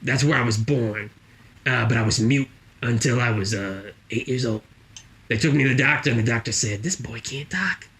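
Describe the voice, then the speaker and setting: A man's voice: mid-range voice, moderate pace, a bit bright, natural voice. A man playing a boastful, rambling jobless guy with a put-on accent, spinning tall tales in an improvised comedy interview.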